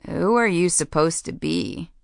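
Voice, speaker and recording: Woman doing terse growling young man, low voice, slow and measured. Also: no room sound, studio quality. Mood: wary. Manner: gruff, terse.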